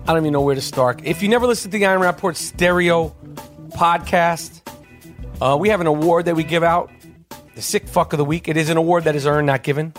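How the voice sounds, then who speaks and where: A man hosting a comedy podcast, excitable, swearing a lot and stumbling over repeated words. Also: fairly high pitch. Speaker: podcast host. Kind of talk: loud comedic podcast banter.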